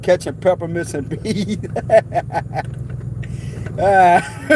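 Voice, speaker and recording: A man's voice: high voice, extremely slow. A man rambling and laughing to viewers while out at night near his truck, swearing freely, sweaty and out of breath. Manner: giggly, profane, loose slang. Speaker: vlogger. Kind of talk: rambling casual talk to viewers. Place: in and around a truck outdoors at night. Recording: street noise outdoors.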